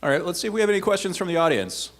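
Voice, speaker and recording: Fast-talking male moderator. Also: high voice, sing-song. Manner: quick, upbeat hosting. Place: school auditorium.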